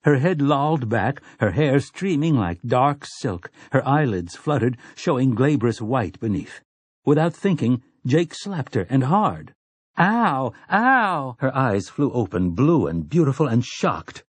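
A man reading a novel aloud as an audiobook narrator in measured storytelling. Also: mid-range voice, big pitch swings, a little mellow, breathy edge, dry recording. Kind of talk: scripted narration.

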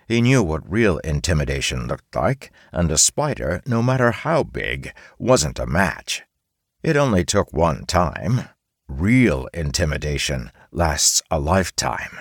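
A man narrating an audiobook in an expressive storytelling manner, recorded close on a studio mic. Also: extremely low pitch, measured pace, slightly rough, no room sound. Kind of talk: scripted narration.

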